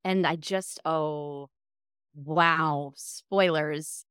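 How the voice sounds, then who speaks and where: Woman co-host, lowish voice, dry studio sound, lively retelling in relaxed chat. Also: drawn-out words, smooth, dry recording. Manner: animated storyteller, acts out quoted dialogue. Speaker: podcast co-host. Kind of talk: casual chat.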